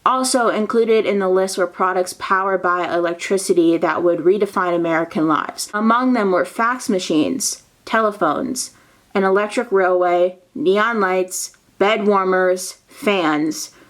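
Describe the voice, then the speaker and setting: A woman narrating history in a casual way, reading old newspaper text and breaking off into excited asides, playful mock dialogue and soft whispers. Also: fairly low pitch, measured pace.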